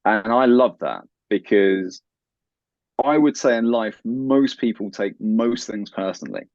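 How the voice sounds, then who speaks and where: A man's voice: lowish voice, unhurried, a little mellow, no room sound. A man talking as a guest in an interview, earnest and giving advice. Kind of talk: conversational interview. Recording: dull, lo-fi, dry sound.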